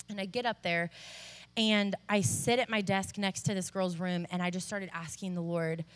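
A young woman, a nurse, tells a faith story to a congregation. She talks in a chatty, animated way, with many "like"s, and her voice rises as she grows passionate. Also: on the low side, a little fast. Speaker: nurse giving a testimony. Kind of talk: testimony sermon to a church audience.

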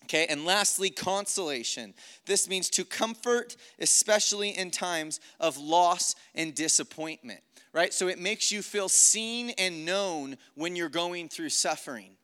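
A man's voice: high voice, measured pace, bright, forceful tone, clear, resonant tone. A man preaching a sermon as pastor, often checking in with "right?" and building to emphatic peaks.

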